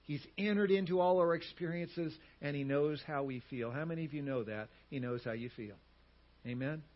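A male pastor preaching a sermon, swinging from loud emphatic lines to hushed, quiet words. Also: a little high, moderate pace, lo-fi sound.

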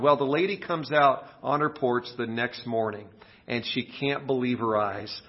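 Pastor with a cold, lively storytelling. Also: male voice, medium pitch, unhurried, dull audio. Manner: storytelling with big acted-out exclamations. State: getting over a cold. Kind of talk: sermon.

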